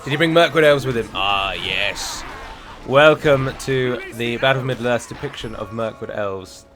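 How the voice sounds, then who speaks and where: A man's voice: medium pitch, steady tone, normal speed, fairly bright tone, faint music behind. Chatty English man commenting on a game. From England. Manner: chatty, rambling asides. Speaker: gaming YouTuber. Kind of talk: let's play commentary.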